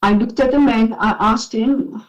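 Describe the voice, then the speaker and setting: A woman with a South African accent testifying at an enquiry, her voice shaky and halting as she gets emotional. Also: on the high side, highs cut off. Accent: South African English. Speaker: witness at an enquiry. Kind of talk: sworn testimony, reading a statement.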